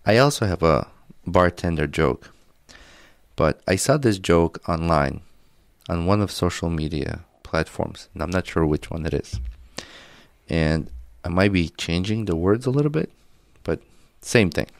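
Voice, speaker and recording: Podcast co-host, very low male voice, dry close sound, laughs a lot while telling stories. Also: animated, a little slow, creaky, no room sound. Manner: laughs through his stories, swears casually. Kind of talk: casual chat.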